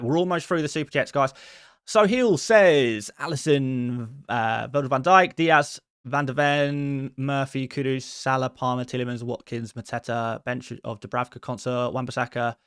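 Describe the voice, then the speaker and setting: A man hosting a live stream chats casually and answers viewer questions one after another in a friendly, quick way. His voice sits at a middle pitch. The sound is dry and close, with little room echo. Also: a bit bright, clean tone.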